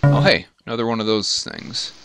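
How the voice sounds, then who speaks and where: A man's voice: mid-range voice, normal speed, over loud music. A man casually commenting as he plays through a computer role-playing game, with wry, playful asides. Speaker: let's play host. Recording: steady background noise.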